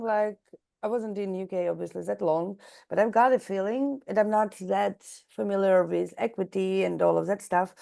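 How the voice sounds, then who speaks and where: Gravelly-voiced woman, hesitant interviewer. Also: medium pitch, a little mellow. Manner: searching for words, many fillers and "like".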